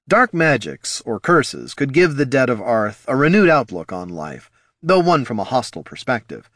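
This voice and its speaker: Narrating a fantasy audiobook, this man performs expressively in a mid-range voice at normal speed. The studio-quality recording has no room sound.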